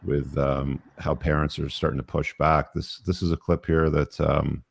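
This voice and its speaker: A man with a very deep voice hosts a casual panel chat, rambling along with plenty of fillers. The sound is dry and close, with no room in it. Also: moderate pace, vocal fry, breathy edge, dry recording. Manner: relaxed, rambling with many fillers. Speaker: show host.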